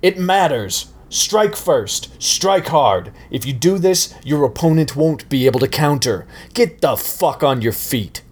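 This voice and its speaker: A man doing a gruff, barking karate sensei. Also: lowish voice, measured pace. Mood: shouting. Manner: barking, profane, growling. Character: gruff hot-tempered male karate sensei.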